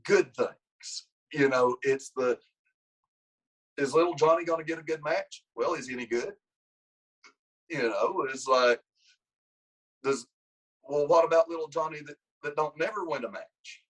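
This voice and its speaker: A man's voice: fairly high pitch, unhurried, pauses often, breathy edge, rough recording. A man, a wrestling coach telling a long story in an interview, rambling and restarting his sentences. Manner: rambling with many restarts, lively when acting out quotes.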